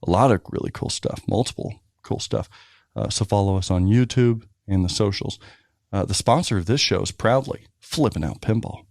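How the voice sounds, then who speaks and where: A man co-hosting a podcast in casual chat, telling stories in a ranting, profane, animated way. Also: fairly low pitch, moderate pace, creaky. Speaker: podcast co-host.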